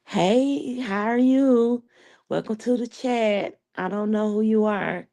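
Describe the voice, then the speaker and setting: A woman's voice: fairly high pitch, takes it slowly, mellow. A woman hosting a live stream, telling a story in a sassy, profane, laughing way. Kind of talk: casual live-stream commentary.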